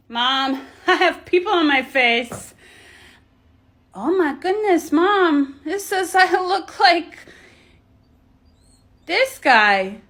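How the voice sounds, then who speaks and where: A woman's voice: high voice, fairly bright tone, exaggerated voice. A woman voicing a blunt, bossy six-year-old child in a comedy sketch. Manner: bossy, blunt, self-important. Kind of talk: comedy sketch character monologue.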